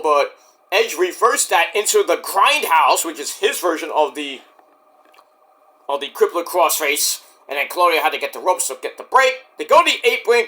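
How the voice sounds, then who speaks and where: A wrestling reviewer gives a loose, rambling spoken recap of a show, stopping to correct himself and acting out what others said. His high, bright voice swings up and down with plenty of energy.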